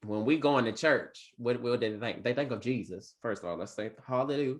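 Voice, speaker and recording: A man teacher telling a class a story in an animated, preacher-like cadence with big vocal swings. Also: medium pitch, brisk.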